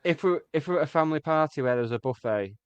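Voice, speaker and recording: Brief: male podcast co-host, quick crude banter, slightly higher voice. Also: animated, clear, resonant tone, no echo, highs cut off. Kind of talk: casual comedic chat.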